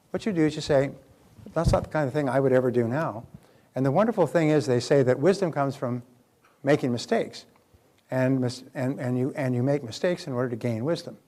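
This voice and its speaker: A man's voice: mid-range voice, a little mellow. An older man giving a live motivational seminar lecture, speaking emphatically and putting rhetorical questions to the audience.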